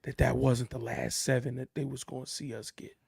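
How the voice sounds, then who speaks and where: A man co-hosting a sports podcast, recapping a game in casual chat in a slow, measured way. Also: medium pitch, level tone, vocal fry, a little mellow, husky, no room sound, studio quality. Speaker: podcast co-host.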